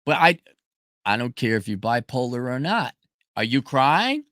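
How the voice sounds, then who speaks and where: This is a middle-aged man on a livestream, speaking a little slowly as he answers viewer questions. He's blunt, profane and emphatic, his pitch jumping animatedly, and the clean studio sound carries no room noise.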